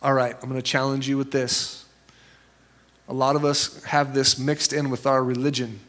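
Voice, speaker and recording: A man preaching a sermon as a pastor, conversational and storytelling, jumping into high voices when he quotes people. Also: level tone, moderate pace, a bit bright.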